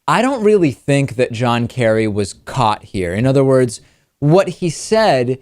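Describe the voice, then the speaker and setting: A man's voice: mid-range voice, a little mellow, dry recording, studio quality. A man hosting a political talk show, giving emphatic, argumentative news commentary. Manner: emphatic, argumentative, quickens when pressing a point.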